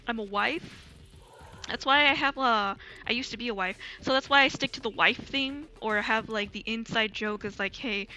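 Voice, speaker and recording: Woman, streamer, casual crude chat, shifts her voice up and down, bright tone, soft music underneath. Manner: candid, crude, laughs often; slides her voice higher and lower at will. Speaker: VTuber streamer.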